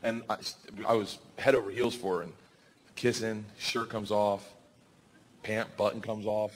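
A man doing a stand-up comedy set on stage, telling stories loudly with swearing and acted-out voices. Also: lowish voice, unhurried. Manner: loud, animated storytelling with swearing and acted-out voices. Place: comedy stage before a live audience. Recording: live audience noise in the background.

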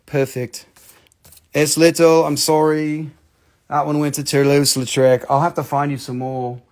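An American man hosting a live sales stream, talking in an excitable, rambling way with casual swearing. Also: on the high side, measured pace. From United States.

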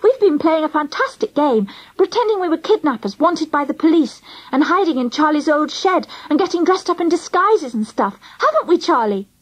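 A woman's voice: high voice, big pitch swings, moderate pace, voice pushed up, poor audio. A woman voicing a mischievous young schoolgirl in an audiobook reading. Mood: sly. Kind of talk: storybook reading.

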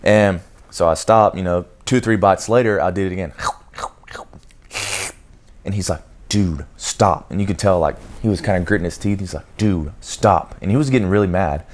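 Young man telling an animated story, low voice. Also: a little fast, pauses often. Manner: animated, acts out shouted commands mid-story; talks straight to viewers with repeated "okay?". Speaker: vlogger and Navy sailor. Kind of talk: casual storytelling to camera.

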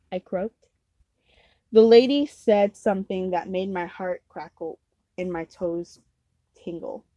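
A woman's voice: medium pitch, warm tone, dry recording, low-quality recording. A woman reading a novel aloud casually as an amateur reader, unpolished with slips and restarts.

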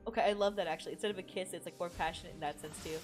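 A woman's voice: on the low side, steady tone, racing, over music. A woman giving casual, chatty reaction commentary on an anime episode, slangy and exclamatory.

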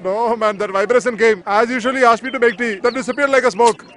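An actor dubbing a grumbling, put-upon tea shop worker in a comic film, with a whiny manner. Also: male voice, very high voice, fairly even intonation, fast talker. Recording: film audio with loud music and crowd.

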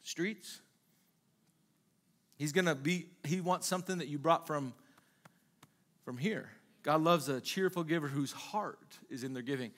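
A man with a fairly high-pitched voice delivers a sermon from the pulpit. He preaches in a loose, conversational way, throwing rhetorical questions at the congregation and acting out small quoted exchanges. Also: fairly bright tone. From Minnesota. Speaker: pastor.

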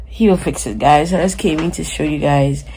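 A woman vlogger chatting casually and excitedly straight to her viewers. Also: low voice, normal speed, a little hiss or hum, poor audio. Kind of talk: casual vlog chat to viewers.

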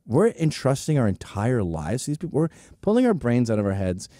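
A man's voice: medium pitch, big pitch swings, fairly quick, mellow, no room sound, clean studio sound. A man in his forties hosting a show, delivering a profane, sarcastic comedic rant. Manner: profane, sarcastic, acts out quoted voices. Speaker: show host.

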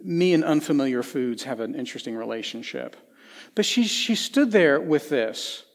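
A middle-aged man from Tennessee, preaching a sermon in a conversational storytelling way with folksy asides, swinging between lively and hushed. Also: mid-range voice, moderate pace. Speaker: pastor. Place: church sanctuary. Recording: long church hall reverb.

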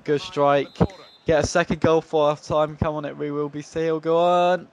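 A man giving live gameplay commentary, excitable, shouting at the match and joking with himself. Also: on the high side, moderate pace. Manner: excitable, shouts at the match and laughs at his own jokes. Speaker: gaming channel host.

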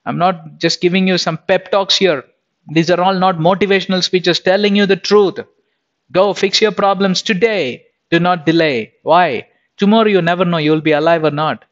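A man's voice: sits high, muffled recording. A man preaching a sermon, impassioned and scolding, often repeating himself as he presses his point.

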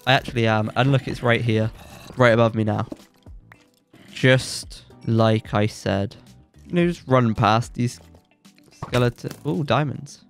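A young man with a blocked nose, giving excitable, joking commentary while playing a game and yelping when surprised. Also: mid-range voice, unhurried, vocal fry, pauses often, faint music behind. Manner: excitable, jokey boasting, yelps when surprised. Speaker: gaming YouTuber. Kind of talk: let's play commentary.

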